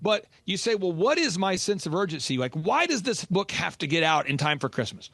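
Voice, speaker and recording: Emphatic high-voiced man coaching urgently. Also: sing-song, fairly quick, fairly bright tone, no echo. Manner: emphatic, urgent, repeats lines for stress. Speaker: business coach and guest. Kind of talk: motivational podcast talk.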